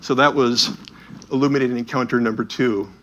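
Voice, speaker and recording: A man giving a talk, telling lively anecdotes with quick asides and acting out the people in them. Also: mid-range voice, highs cut off. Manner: animated anecdotal storytelling with asides. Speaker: speaker touring with a Bible edition. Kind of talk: storytelling talk.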